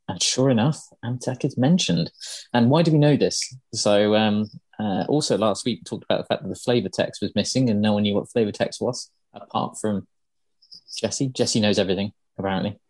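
Low-voiced man rambling through lore. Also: darkish tone, no echo. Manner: rambling with many ums and uhs. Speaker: podcast host. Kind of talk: casual chat explaining game lore.

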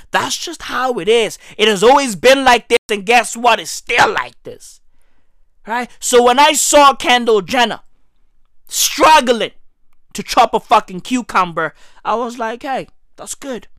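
A woman rants in a profane comic monologue. Her voice sits high and leaps wildly up and down, but she takes her time between points. She keeps tossing out "right?" and breaks into shrill mock shouts, recorded close and dry with no room sound. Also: lively intonation, a little slow, dry recording. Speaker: comedian. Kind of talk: profane comic rant to camera.

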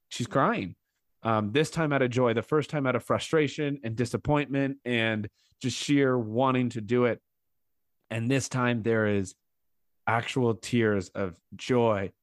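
A man's voice: medium pitch, no room sound. Man recapping a TV show, dry sound. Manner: rambling, animated play-by-play retelling. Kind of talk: casual podcast recap.

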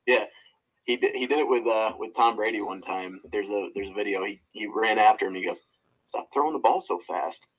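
Husky low-voiced man in casual sports chat. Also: fairly even intonation, brisk, fairly bright tone, poor audio. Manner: rambling, laughing, many restarts. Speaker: podcast co-host.

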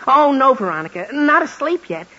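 A woman's voice: high-pitched, very animated, moderate pace, sharp tone, dull audio, exaggerated voice. An eager gee-whiz teen boy. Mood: smitten. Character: eager, clumsy teenage boy, son of the house. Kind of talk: 1940s radio sitcom acting. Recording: noisy scratchy 1940s radio recording.

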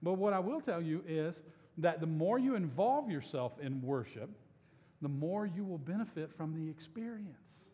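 A man preaching in a church with a loose, joking way of talking, teasing his listeners into taking part. His voice sits a little high for a man, and a long reverb trails after his words. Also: expressive, moderate pace, dark tone. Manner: joking, conversational, coaxing the congregation. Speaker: pastor. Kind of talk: sermon. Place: church sanctuary.

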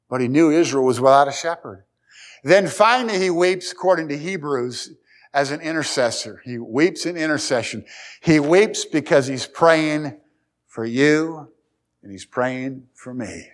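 A middle-aged man preaching a sermon, folksy and storytelling, swinging between loud and quiet. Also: fairly high pitch, animated, normal speed. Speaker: pastor.

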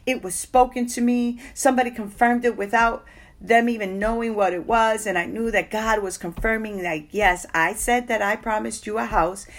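A woman's voice: on the high side, moderate pace. A woman giving a personal faith testimony, telling her story expressively and acting out what people said. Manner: emotional, expressive storytelling with acted-out quotes. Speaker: testimony speaker.

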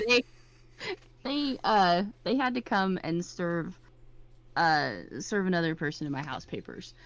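A woman telling a story in casual chat, chatty and animated. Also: on the low side, a little slow. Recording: dull lo-fi recording.

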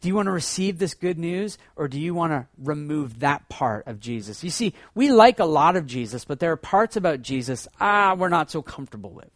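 A man delivers a sermon as pastor, his voice sitting fairly high. He swings from loud, excited bursts down to hushed, low passages. The sound is dry and close, with no room around it. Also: fairly quick, hardly any pauses, dry recording.

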